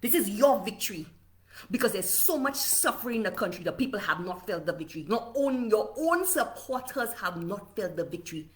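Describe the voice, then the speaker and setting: A woman's voice: mid-range voice, lively intonation, a little fast. A Saint Lucian woman delivering a fiery, repetitive political rant on a livestream, slipping into local dialect.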